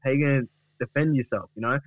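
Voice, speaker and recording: A man's voice: medium pitch, rapid-fire, no echo, narrow, tinny audio, lightly acted. A man doing a soothing, rambling host. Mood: placating. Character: placating chatty male show host.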